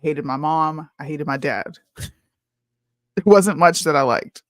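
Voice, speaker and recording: A podcast co-host with a mid-pitched voice, talking bluntly and frankly in casual conversation. The mic sound is close and dry. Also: a little slow, fairly bright tone, dry recording. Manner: blunt, frank, says "bro". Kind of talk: casual chat.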